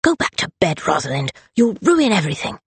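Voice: medium pitch, sing-song, normal speed, vocal fry, darkish tone, slightly rough, dry recording, voice pushed up, exaggerated voice. Narrator doing an acid, impatient young woman. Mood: snappish. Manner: acid, snappish. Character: sharp-tongued young woman eloping, impatient.

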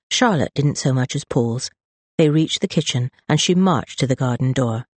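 An audiobook narrator reading a story in an expressive, lively way, close on the mic. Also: medium pitch, moderate pace, dry recording. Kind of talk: scripted narration.

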